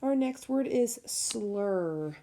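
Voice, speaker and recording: A woman teacher giving a recorded phonics lesson for children, slowly sounding out letters and words. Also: a little high, expressive, dark tone, slight background noise. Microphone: tablet microphone.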